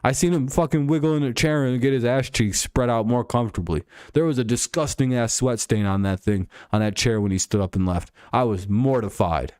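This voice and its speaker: A man's voice: mid-range voice, fairly quick, hardly any pauses, a little mellow, smooth, dry recording, clean studio sound. A man hosting a casual stream, rambling and joking crudely about sports. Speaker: streamer host.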